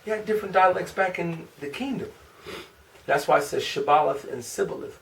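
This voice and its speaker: A man with a Chicago accent teaching a small group class, asking questions and slowly repeating syllables. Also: fairly high pitch, vocal fry. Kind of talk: informal group language lesson. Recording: distant room mic with faint noise.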